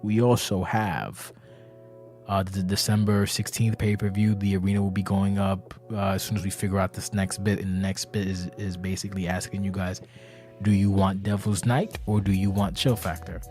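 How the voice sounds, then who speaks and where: Brief: man with a lowish voice, rambling and profane, sounds tired and anxious, faint music underneath. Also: level tone, normal speed, darkish tone. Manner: rambling, profane, self-interrupting. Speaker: community leader of an online wrestling game league. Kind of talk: casual podcast monologue. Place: indoors, seated.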